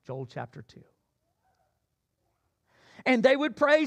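A man preaching a sermon as pastor, swinging between loud emphatic cries and low asides. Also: expressive, moderate pace.

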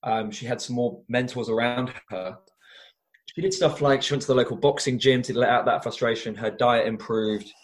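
An earnest young Englishman speaking as an interview guest and telling personal stories at an ordinary, mid-range pitch. He gets animated and often restarts his sentences as he talks. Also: normal speed. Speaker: guest, former teacher and youth coach. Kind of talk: conversational interview storytelling.

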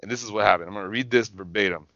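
A man with a bright, forceful voice rants heatedly and swears freely, hammering his points home. His voice sounds close and dry, slightly dull in tone, as in a casual podcast. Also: on the low side, rapid-fire, no echo. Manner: heated, profane, emphatic. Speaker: podcast co-host. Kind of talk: casual profane rant.

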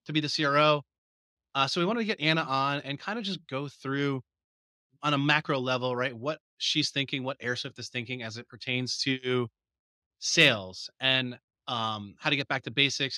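A man from New Jersey co-hosts a sales podcast, rambling casually with plenty of fillers. His voice is bright and forward. The sound is dry and close. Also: mid-range voice, no room sound. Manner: chatty, rambling, lots of fillers. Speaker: podcast co-host.

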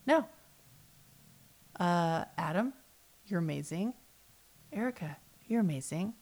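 A woman co-hosting a podcast, chatting casually and animatedly, dropping into hushed asides. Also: fairly low pitch, slow pace. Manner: animated, drops into hushed asides and mock voices. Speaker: podcast co-host. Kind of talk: casual chat recapping a reality show.

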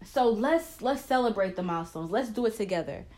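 A woman's voice: medium pitch, animated, brisk, darkish tone. A woman hosting a casual faith talk, earnest and encouraging, who breaks into short prayers as she speaks. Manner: earnest, encouraging, prays aloud mid-talk. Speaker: faith and marriage podcast host.

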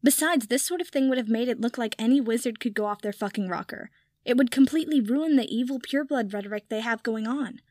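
A woman's voice: a little high, fast talker, a little mellow, dry recording, clean studio sound, lightly acted. Woman reading a tipsy, swearing young witch. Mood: blunt. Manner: swears freely, blunt. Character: tipsy, foul-mouthed young witch, bitter. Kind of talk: audiobook fan fiction reading.

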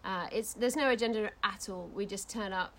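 An English woman co-hosting a community radio show in casual chat, tipsy, chatty and quick to giggle. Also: mid-range voice, a little hiss or hum. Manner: chatty and giggly, easily laughing.

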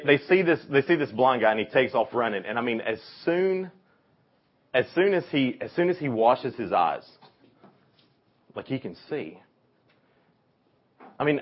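A man teaching a youth Bible lesson, telling the story in an animated way and acting out the voices of its people. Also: mid-range voice, slightly rough. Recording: dull lo-fi recording.

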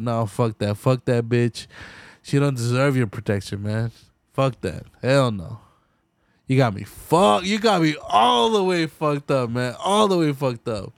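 A man's voice: mid-range voice, no room sound. A man hosting a solo podcast, ranting in a heated, profane way and slipping into mocking voices. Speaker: podcast host.

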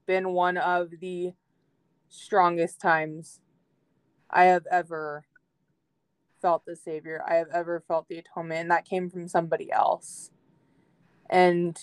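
A woman's voice: fairly low pitch, smooth, dry recording. A young adult woman guesting on a faith podcast, telling a personal story in an emotional, heartfelt way with many fillers. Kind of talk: casual faith podcast chat.

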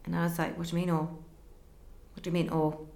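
A young woman with a fairly low voice tells a personal story with emotional earnestness. She replays conversations in quick back-and-forth, and the recording carries a roomy echo. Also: flat delivery, creaky, a little mellow. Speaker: guest telling her story.

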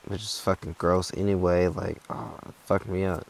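A man's voice: deep voice, little pitch movement, normal speed, vocal fry, darkish tone. A young man telling a hiking story in a laid-back, rambling, profane way. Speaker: hiker. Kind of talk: casual storytelling.

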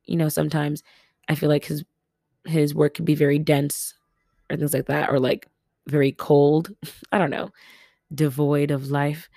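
A young woman from Los Angeles chats through her solo podcast at her family home. Her voice sits low, and she laughs often and breaks into loud exclamations. The sound is close and dry. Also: flat delivery, a little slow, gravelly, pauses often, no echo. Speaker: podcast host. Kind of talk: casual solo podcast chat.

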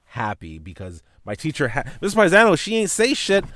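A man's voice: a little high, brisk, no room sound, studio quality. A man hosting a podcast, telling a childhood story in a casual, profane way. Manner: animated, profane, voices his teacher and mom in retelling. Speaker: podcast host.

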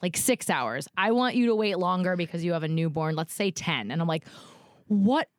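A woman's voice: moderate pace, dry recording, studio quality. A woman in her thirties telling a story in casual chat, her voice leaping up when she acts out her own panic. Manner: animated storyteller, voice jumps high when acting out panic.

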